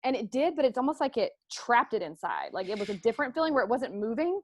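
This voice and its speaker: A woman's voice: on the high side, very animated, fast talker. A middle-aged woman hosting a conversational interview, telling a personal story in an open, emotional way. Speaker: host.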